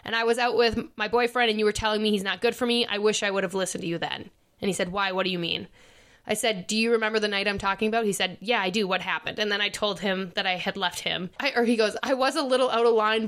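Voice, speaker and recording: A woman's voice: mid-range voice, a bit bright, smooth. A woman in her thirties hosting a podcast, telling a personal story in a casual chat, laughing often and restarting sentences. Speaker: podcast host.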